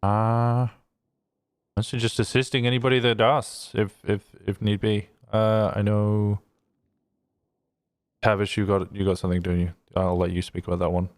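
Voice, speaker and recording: Brief: man, lowish voice, loose rambling roleplay cop, dry close mic. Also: level tone, normal speed, clear, resonant tone, no echo. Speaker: police officer in a roleplay meeting. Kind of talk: casual roleplay chat.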